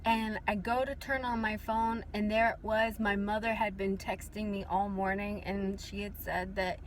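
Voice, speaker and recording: A woman's voice: medium pitch, flat delivery, moderate pace. A woman giving a heartfelt personal faith testimony, telling her story earnestly with many fillers. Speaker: testimony speaker. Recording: loud background noise.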